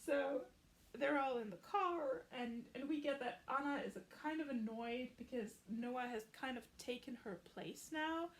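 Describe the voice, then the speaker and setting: A woman's voice: high-pitched, normal speed. A woman recapping a film in a chatty, casual way, dropping sarcastic asides.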